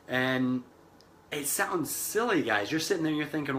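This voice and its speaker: A man coaching on network marketing, telling a long story in an animated way and acting out the voices he quotes. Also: mid-range voice, moderate pace, slight background noise. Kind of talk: motivational vlog talk.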